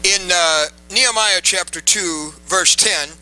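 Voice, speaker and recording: A man's voice: sits high, unhurried, bright, forceful tone, soft background music, poor audio. A man preaching a sermon to a live audience, emphatic and repeating key phrases, coaxing the crowd to respond.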